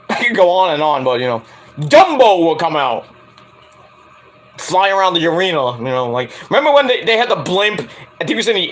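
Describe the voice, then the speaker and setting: A man's voice: fairly high pitch, fairly bright tone. A man giving a rambling, joking casual livestream review of a wrestling show.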